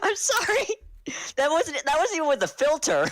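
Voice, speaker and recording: A woman's voice: sits high, huge pitch swings, normal speed, a bit bright. A playful, giggly woman chatting as a guest on a live stream. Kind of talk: casual chat.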